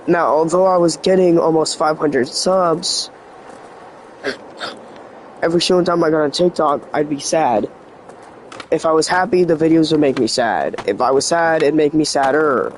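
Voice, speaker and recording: A teenage boy vlogs in an earnest, rambling, confessional way, packed with "like" fillers, at a moderate pace. His voice is on the high side, slightly sick, and cracking. The low-quality recording has slight background noise.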